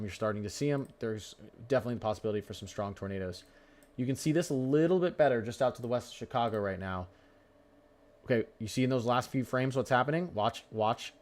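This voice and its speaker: A man's voice: lowish voice, a little mellow. Chatty young man hosting a weather stream. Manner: chatty, rambling, stumbles over place names. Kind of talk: live weather stream commentary.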